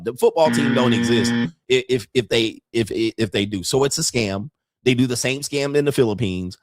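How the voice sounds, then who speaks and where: A man's voice: mid-range voice, no room sound. Blunt, profane man with a dry sound. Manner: blunt, profane, laughs often. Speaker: commentary host. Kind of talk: casual commentary and storytelling.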